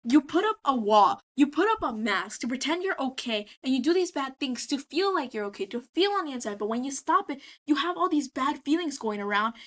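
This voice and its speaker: A tipsy woman casually recapping a story in a scattered, animated way that is full of swearing and restarts. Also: sits high, fairly quick, few pauses. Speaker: video creator.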